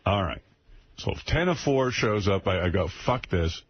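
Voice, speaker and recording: Man, radio talk host, low voice, very animated, profane ranting, end of a cold, dull broadcast sound. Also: normal speed, creaky. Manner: animated ranting, profane, mimics himself yelling. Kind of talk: radio talk show storytelling. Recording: dull broadcast audio with faint noise.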